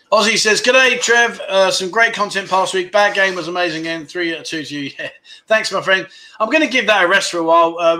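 Reading out his viewers' comments and calling them "mate," a man rambles frankly on his casual livestream. His fairly high voice comes across pushed and bright.

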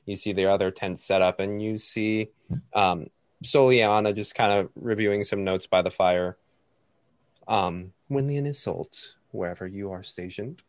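A man narrating a tabletop role-playing game as game master, relaxed, with frequent fillers. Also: fairly low pitch, moderate pace, dry recording, clean studio sound.

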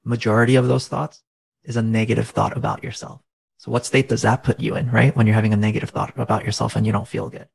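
A man's voice: on the low side, little pitch movement, fast talker, gravelly, breathy edge, low-quality recording. A man in his thirties, a faith-based coach, earnestly explaining in casual conversation and often asking rhetorical questions.

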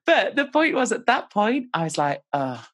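A woman's voice: on the high side, big pitch swings, moderate pace, a bit bright, slightly rough, no echo. A woman hosting a podcast, telling personal stories in a candid way and laughing easily. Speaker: podcast host. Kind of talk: casual conversation.

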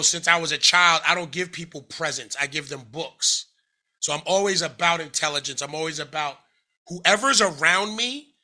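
A man's voice: a little high, sharp tone. A man, an interview guest from the United States, candidly recounting a personal story in a casual way, full of fillers, restarts and acted-out quotes. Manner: conversational, frequent fillers and self-corrections, acts out quoted speech.

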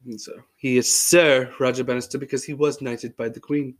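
A man's voice: medium pitch, fairly even intonation, moderate pace. A man hosting a casual sports history podcast, telling stories in a jokey, goofy, chatty way. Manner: jokey and goofy, with playful tall tales; loose and chatty, with frequent fillers. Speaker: podcast host.

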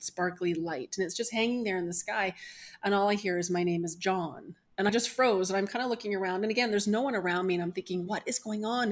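A middle-aged woman, a spiritual medium, earnestly and emotionally telling a personal story as a podcast guest. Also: mid-range voice. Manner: earnest, emotional retelling with quoted voices.

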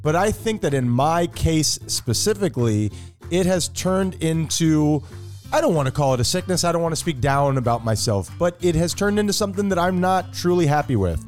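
Animated, joking man, lively pitch. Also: normal speed, soft background music. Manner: joking, crude, animated storytelling. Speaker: podcast co-host. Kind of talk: casual comedic chat.

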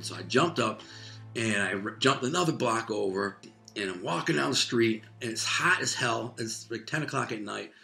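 Bright-voiced man telling a raw story. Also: medium pitch, expressive, fairly quick, vocal fry, soft background music. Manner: loose, profane street talk with many fillers. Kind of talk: casual personal storytelling.

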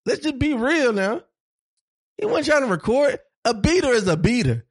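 A man's voice: very high voice, very animated, moderate pace, no echo, studio quality. A man co-hosting a casual podcast chat, heated and profane, repeating his points for emphasis. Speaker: podcast co-host.

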